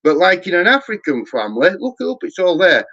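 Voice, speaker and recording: A man with a fairly high voice rambles through a live-stream chat, swearing often. His voice jumps high when he mimics others, and the recording sounds dull and lo-fi. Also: big pitch swings, fast, a bit bright. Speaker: host.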